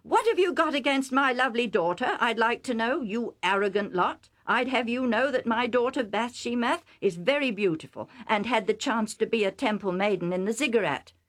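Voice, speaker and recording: A woman's voice: a little high, expressive, moderate pace, few pauses, voice pushed up, natural voice. A woman reading a story aloud voices a furious, proud older chieftain who scornfully defends his daughter. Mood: indignant. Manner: indignant, scornful, declaiming.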